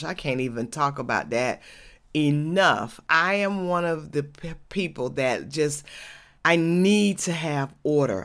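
A woman from Georgia, hosting her own podcast in a casual, chatty way, laughing often and saying y'all. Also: low-pitched. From Georgia, USA. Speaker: podcast host.

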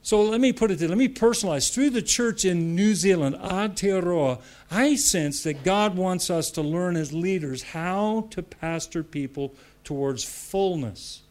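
A man's voice: high-pitched, measured pace, hardly any pauses, darkish tone. A man preaching a sermon with emphatic repetition, laughing between points.

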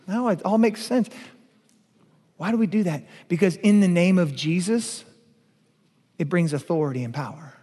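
A male pastor preaching a sermon, emphatic, asking rhetorical questions and swinging between loud declarations and hushed lines. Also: sits high, lively intonation, moderate pace. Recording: long reverb of a large hall.

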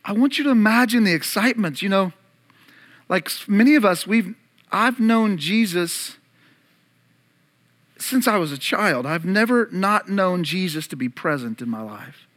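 A man's voice: high-pitched, expressive, a little slow, a bit bright. A male pastor preaching an Easter sermon, earnest and direct, asking his congregation questions as he goes.

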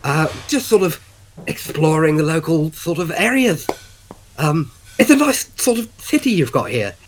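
Man playing a fussy, overpolite gnome, a bit high, trips over his words. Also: sing-song, moderate pace, slight background noise, low-quality recording. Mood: courteous. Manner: overly polite, flustered. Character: polite fussy male gnome adventurer.

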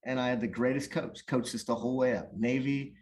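A man in casual conversation, spinning a long story in an animated way. His voice sits at an ordinary middle pitch, and he keeps restarting his sentences as he goes. It sounds like relaxed, unscripted talk. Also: a little fast. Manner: animated, rambling with many restarts. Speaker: guest or co-host, youth soccer coach.

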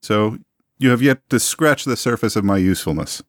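A man voicing a pompous, smooth-talking 1920s museum owner with florid, long-winded speech in a tabletop role-play. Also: fairly low pitch, expressive, normal speed, dry recording, clean studio sound, lightly acted. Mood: suave.

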